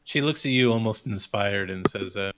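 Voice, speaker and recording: A man narrating a tabletop game as game master, easygoing and halting. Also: fairly low pitch, a crowd in the background.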